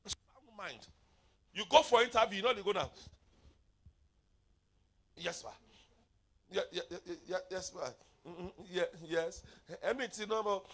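A middle-aged man preaching a revival sermon, mixing pidgin into his English with sudden shouts and playful asides. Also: high-pitched, measured pace, pauses often.

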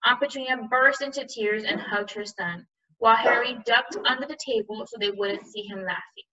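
A woman teacher reads a novel aloud and then talks it over with her class in a casual, chatty way. Her voice is bright and sharp. The recording sounds distant and muffled. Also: on the high side, moderate pace. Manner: casual and chatty between readings.

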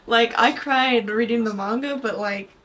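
A high-pitched young woman gushes through a casual reaction commentary, full of slang and excited asides. She talks straight into a desk microphone as a regular host. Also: a little slow. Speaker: anime reaction YouTuber.

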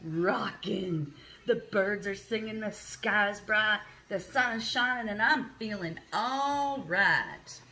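A woman reading aloud and voicing a lonely alligator, slow and louder than her narration. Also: mid-range voice. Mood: cheerful. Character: lonely alligator nobody plays with.

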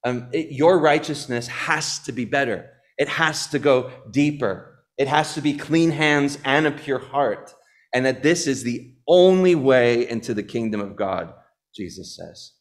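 A man's voice: mid-range voice, unhurried. A man preaching a sermon as pastor, earnest, repeating key phrases, with frequent fillers. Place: church.

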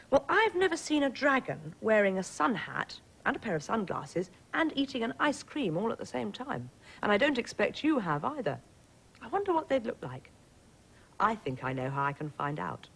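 A woman presenting a schools programme, reading a storybook to young children in a gentle, clear, sing-song way. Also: fairly low pitch, poor audio.

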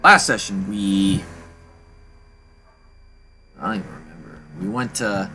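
A man with a deep voice and a measured pace offers casual gameplay commentary, rambling and swearing as he tells loose, laid-back stories while playing. The background is noisy, with his voice over loud game music.

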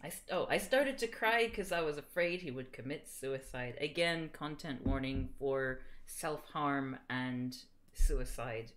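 A woman streamer doing a giggly, melodramatic reading, with loud shrieks on quoted lines. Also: very deep voice, unhurried, slight background noise. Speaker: streamer host. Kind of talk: comedic dramatic reading on a livestream.

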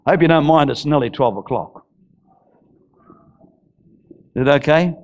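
A male pastor, preaching a fervent sermon that bursts into shouting. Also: fairly high pitch, fast talker, dull audio. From Australia.

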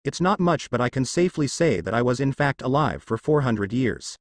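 A man uses his ordinary, natural voice to play a bitter, guarded young man from a fan story. His delivery is even and brisk with an animated pitch line, and the recording is dry with no echo.

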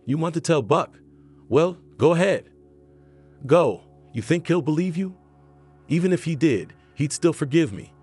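A man putting on a higher, mocking flirt, Selena. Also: expressive, unhurried, long pauses, a little mellow, husky, soft background music, full character voice. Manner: mocking, pushy.

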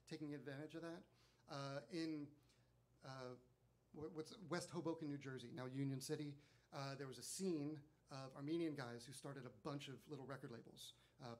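Chatty man telling a story. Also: a little high. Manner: chatty, animated, frequent fillers. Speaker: speaker at a listening event. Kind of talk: storytelling talk to a live audience.

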